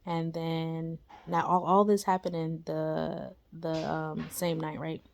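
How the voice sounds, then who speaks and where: A woman's voice: deep voice, level tone, slow pace, creaky, a little hiss or hum. A young woman casually telling a personal spiritual story, chatty and slangy, full of fillers and tag questions like "right?" and "you know?". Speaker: storyteller sharing a spiritual experience.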